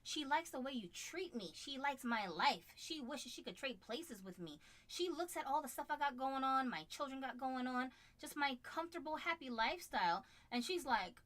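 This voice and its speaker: A woman co-hosting a casual live chat, animated and quick to act out other people's voices. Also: high voice. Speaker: co-host.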